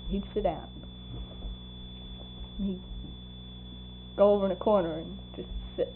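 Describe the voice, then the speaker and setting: A woman's voice: mid-range voice, measured pace, long pauses. An older woman recalling people in an oral history interview, laughing often and acting out what they said. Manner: laughing, animated storyteller acting out quoted voices. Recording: tinny lo-fi tape with faint hum.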